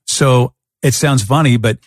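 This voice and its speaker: A man's voice: medium pitch, unhurried, no echo. Man telling stories, dry close sound. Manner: animated, acts out his own past thoughts. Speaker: podcast host. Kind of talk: storytelling in a casual interview. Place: Arizona.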